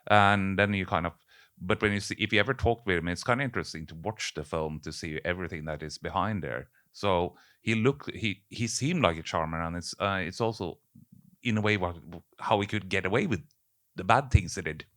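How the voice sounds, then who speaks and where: A man's voice: low voice, brisk, a bit bright, no echo, clean studio sound. A man interviewing a filmmaker, asking hesitant questions and often restarting his sentences. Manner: hesitant, restarts sentences, frequent murmured assent.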